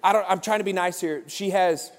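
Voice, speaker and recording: A man preaching a sermon as comic storytelling, animated and breaking into shouted bursts. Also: high voice, fairly quick. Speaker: pastor. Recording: long hall reverb.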